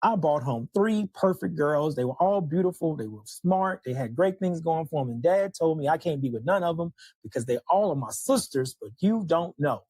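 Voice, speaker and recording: A man doing an eager young son, pitched up. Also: normal speed, hardly any pauses, husky, no room sound. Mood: pleading. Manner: excited, gushing.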